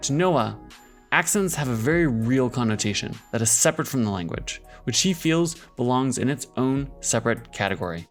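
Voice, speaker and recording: Measured male video-essay narrator. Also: mid-range voice, expressive, faint music behind. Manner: measured, analytical. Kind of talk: scripted narration.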